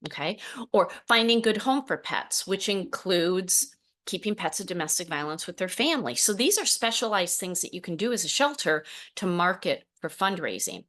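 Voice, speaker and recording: A woman in her forties hosting a podcast, telling stories with lively laughs and acted quotes. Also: fairly low pitch, normal speed. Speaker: podcast host, program founder. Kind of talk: solo podcast talk.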